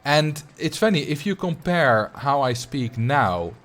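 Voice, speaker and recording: A man's voice: mid-range voice, expressive, measured pace, a bit bright. A man with a light Dutch accent, chatting casually and animatedly to viewers on a livestream. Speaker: streamer.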